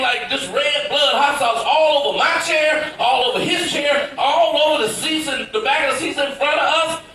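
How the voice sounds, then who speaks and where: A man from Tennessee doing stand-up comedy, telling a story in an animated, emphatic way with shouted punchlines. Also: extremely high pitch. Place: cruise ship theater with audience. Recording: echoey theater from far off. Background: audience laughter.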